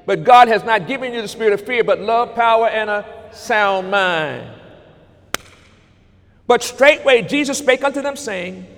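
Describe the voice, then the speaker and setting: A man's voice: high-pitched, a little slow, fairly bright tone, big-room sound. A man preaching a sermon in a church, calling out to the congregation and quoting scripture. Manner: preaching with call-and-response to congregation. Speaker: pastor.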